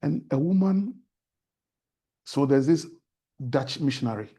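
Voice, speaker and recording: A man's voice: fairly high pitch, lively intonation, unhurried, mellow, husky. A man with a Ghanaian accent, a guest on a talk show, telling stories and preaching about faith in an earnest, sermon-like way.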